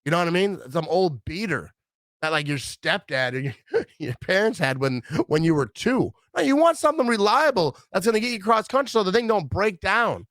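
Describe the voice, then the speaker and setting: A man's voice: high-pitched, a little fast, no echo, studio quality. A middle-aged man from Wisconsin rambling casually in a vlog, acting out what others said. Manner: rambling, animated, acts out quoted voices. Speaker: vlogger.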